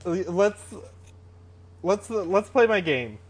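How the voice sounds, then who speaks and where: Sarcastic man with a higher voice. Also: lively intonation, drawn-out words, husky. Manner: exasperated, sarcastic, swearing. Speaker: podcast co-host. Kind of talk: casual movie recap chat.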